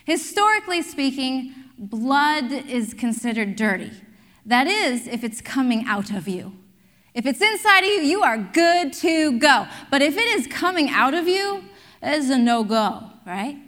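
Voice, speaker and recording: A middle-aged woman pastor preaching a sermon, telling lively stories and drawing the congregation into call-and-response. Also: high-pitched, a little slow, long reverb tail.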